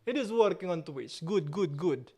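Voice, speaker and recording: With slow, stretched-out delivery, a young Italian livestream host banters casually with viewers in mock indignation. He has a high, slightly mellow voice and lively intonation.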